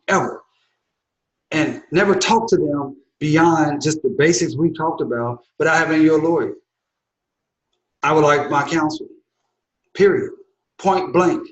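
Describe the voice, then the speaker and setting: A man's voice: a little high, echoey room, lo-fi sound. A man, an attorney, teaching people their rights in an instructional talk, repeating key phrases with the emphasis of a preacher. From United States. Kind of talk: direct-to-camera instructional talk.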